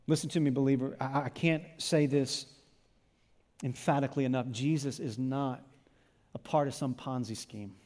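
A man preaching a sermon in church, impassioned, dropping to a hush and then rising to loud emphasis. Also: mid-range voice, fairly even intonation, moderate pace. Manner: impassioned, swings from hushed to loud. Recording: long reverb of a church hall.

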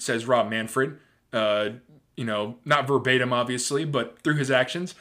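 A man in his thirties hosting a sports podcast, ranting in a casual, animated way with swearing and lots of fillers. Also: mid-range voice, measured pace. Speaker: podcast host.

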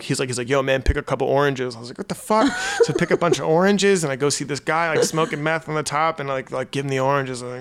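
A man's voice: fairly high pitch, fairly bright tone, smooth. A young man, a musician guest on a podcast, telling a long story in a loose, rambling way, full of "like" and laughs. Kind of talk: casual podcast chat.

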